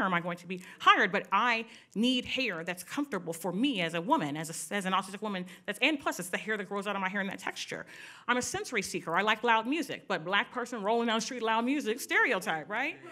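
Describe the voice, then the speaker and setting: A middle-aged woman gives a personal talk to a live audience, candid and animated, often turning to the listeners with quick asides. Her voice is bright and forward. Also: medium pitch. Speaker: speaker at a panel event.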